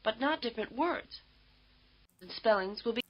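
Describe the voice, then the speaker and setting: A woman giving scripted instructional narration for a language course, in a measured, explanatory way. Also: on the high side, animated, slightly rough. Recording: dull lo-fi tape audio.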